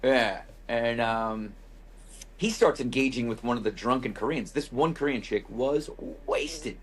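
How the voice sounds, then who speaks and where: In a measured, unhurried way, this man hosts a podcast and spins a rambling, foul-mouthed travel tale packed with quoted asides. His voice is husky and medium-pitched, and his delivery is wry and relaxed.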